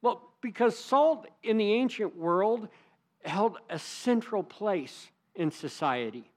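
A man's voice: high-pitched, animated, slow pace. A man preaching a sermon as pastor, earnest and emphatic, leaning hard on key words.

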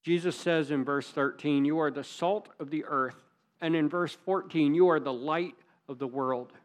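A man's voice: on the high side, normal speed. A man preaching a sermon as pastor, earnest and emphatic, leaning hard on key words.

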